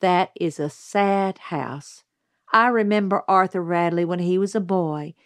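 A woman voicing a wise, kindly older neighbor woman who speaks in a measured, gently firm way. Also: lowish voice, no room sound, clean studio sound, lightly acted.

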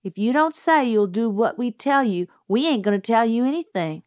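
A woman's voice: a little high, animated, moderate pace, darkish tone, dry recording, clean studio sound, pitched above the performer's own voice, natural voice. A woman voicing a bossy young boy who lays down terms. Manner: demanding, laying down terms.

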